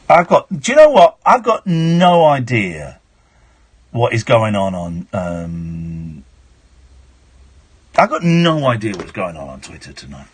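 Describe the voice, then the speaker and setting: A man's voice: medium pitch, sing-song, slow pace, long pauses, husky. A man in his forties with an English accent, hosting a late-night radio phone-in, chatty and frank, often restarting his sentences. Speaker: radio host. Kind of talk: late-night call-in chat. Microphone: studio mic.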